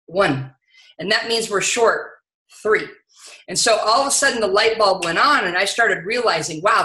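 A woman giving an energetic, conversational sales training talk, often saying "you know". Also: medium pitch, echoey room, low-quality recording.

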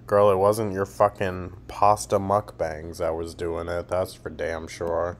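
Deep-voiced mocking male commentator. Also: monotone, a little slow, noisy background. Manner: crude, mocking, heavy swearing. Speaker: commentary host. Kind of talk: sarcastic reaction commentary.

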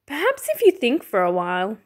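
A woman doing a gentle mother fox. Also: fairly high pitch, wildly swooping pitch, a little fast. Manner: soft, encouraging. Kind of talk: picture-book read-aloud.

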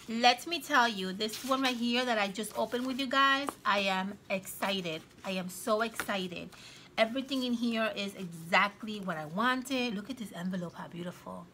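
A woman casually showing off her thrift-shop finds on camera, gushing with excitement over each one. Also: medium pitch, slight background noise. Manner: gushing, excitable, frequent gasps and exclamations. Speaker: craft vlogger. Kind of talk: casual show-and-tell vlog.

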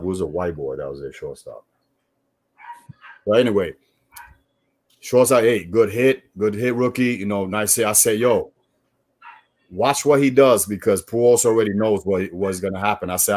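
A man from New York, a former baseball player, telling animated, profane stories in casual chat. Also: lowish voice, moderate pace, pauses often. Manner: animated, profane, storytelling with quoted voices.

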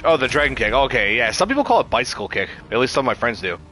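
A man's voice: medium pitch, very animated, rapid-fire, bright, forceful tone, soft background music. Chatty male gamer streaming live. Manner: chatty, reacts to chat, frequent restarts. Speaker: livestreamer. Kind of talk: casual gameplay livestream chat.

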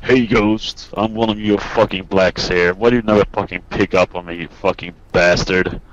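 A man's voice: low-pitched, fairly even intonation, normal speed. A male caller speaking angrily and swearing. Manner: angry, swearing. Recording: muffled phone call.

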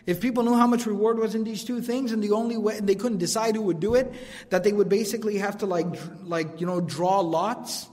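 A man giving a religious lecture, quick and animated, mixing recited scripture with casual asides. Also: high voice. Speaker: preacher teaching a lecture series. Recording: long hall reverb.

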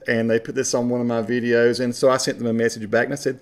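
A man's voice: medium pitch, fairly quick. Folksy Appalachian man vlogging. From western North Carolina. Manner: passionate, rambling, folksy. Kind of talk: casual monologue to camera.

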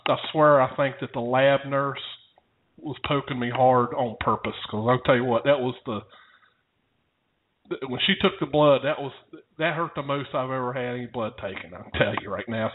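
A man's voice: medium pitch, normal speed. A man casually telling a rambling story to his co-host, often chuckling. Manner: rambling, chuckling anecdote teller. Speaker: podcast co-host. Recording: tinny phone-like audio.

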